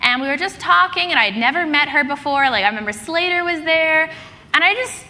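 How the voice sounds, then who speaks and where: Bright, lively young woman on a panel. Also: high voice, brisk. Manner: animated, laughing, acts out reactions. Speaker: panelist, role-play streamer. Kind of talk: panel storytelling on stage. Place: large convention hall stage. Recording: convention hall with crowd noise.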